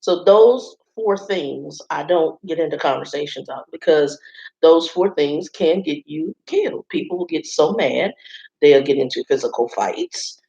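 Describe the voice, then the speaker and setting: A woman vlogger tells a rambling story to her viewers in a casual, chatty way. Her voice is low and gravelly. She is in a hotel room, and the sound is roomy and slightly dull. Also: animated, a little slow, dark tone.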